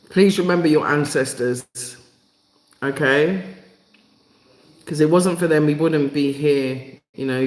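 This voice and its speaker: Live stream host, male, emotional and rallying, somewhat high voice, echoey room. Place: home in Africa.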